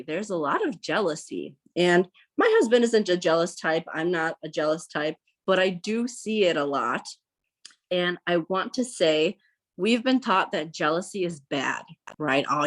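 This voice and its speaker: A woman in her thirties, a podcast guest, giving casual advice and acting out quoted lines in lively voices. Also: fairly low pitch. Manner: chatty, acts out quoted lines in bright voices.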